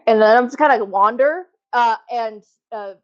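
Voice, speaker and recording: A woman playing her character in a tabletop game, playful and quick to laugh. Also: fairly high pitch, lo-fi sound. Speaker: player. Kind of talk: casual tabletop play.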